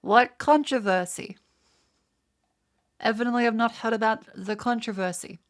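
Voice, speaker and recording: A woman's voice: fairly high pitch, fairly even intonation, moderate pace. A woman with an Australian accent, chatting casually on a livestream and swearing freely. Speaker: streamer.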